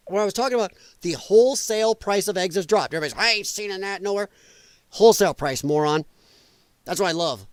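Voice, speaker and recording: Man hosting a political livestream: a profane, mocking rant, with a pitch that jumps all over and a dry, close sound. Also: dry recording. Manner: profane and mocking, with sarcastic asides; laughs at his own jokes. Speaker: political commentary show host.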